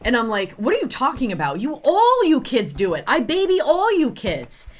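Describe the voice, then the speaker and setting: A woman's voice: high-pitched, huge pitch swings, normal speed. A woman co-hosting a podcast, telling family stories in casual banter, laughing and defending herself. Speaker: podcast co-host.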